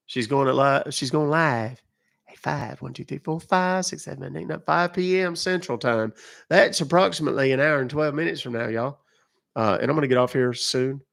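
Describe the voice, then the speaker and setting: A man's voice: mid-range voice, normal speed, gravelly. Man, middle-aged, casual live-stream chat, rambling, joking asides, mid-range voice. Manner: rambling, joking asides, reacting to viewer comments.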